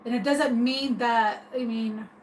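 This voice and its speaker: High-voiced rambling woman streamer. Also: steady tone, unhurried, a little hiss or hum, low-quality recording. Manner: rambling, hesitant, many restarts and "like"s. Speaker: streamer talking to viewers. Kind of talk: casual opinion rant.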